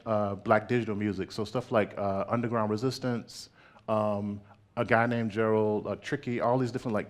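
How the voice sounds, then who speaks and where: A man giving a public artist talk in an animated way, laughing often and checking in with "right?". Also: lowish voice.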